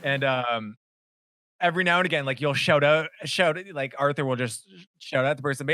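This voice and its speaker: Bright, animated young-sounding man chatting. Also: fairly high pitch, normal speed, no room sound, studio quality. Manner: animated storytelling, laughs often, swears. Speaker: podcast co-host. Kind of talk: casual chat about video games.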